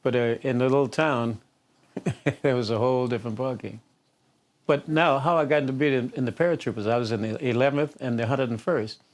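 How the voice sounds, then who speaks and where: A little fast and medium in pitch, the voice belongs to an older man from around Detroit, a singer recounting anecdotes in an interview and chuckling often along the way.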